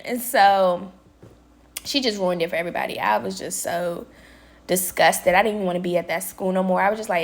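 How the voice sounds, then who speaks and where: A woman's voice: medium pitch, fairly quick. A young adult woman vlogging a casual storytime, chatty and dramatic, acting out her own exclaimed reactions and talking straight to her viewers. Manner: animated, dramatic retelling with exclaimed quotes; chatty, addresses viewers as y'all. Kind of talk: casual storytime while working.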